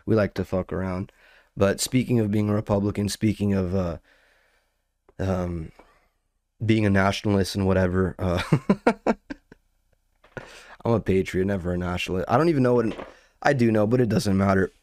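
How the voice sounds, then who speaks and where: A man's voice: deep voice, steady tone, fairly quick, darkish tone, no echo, clean studio sound. A young man casually telling a rambling, profane story as a podcast host, full of slang and building into outrage.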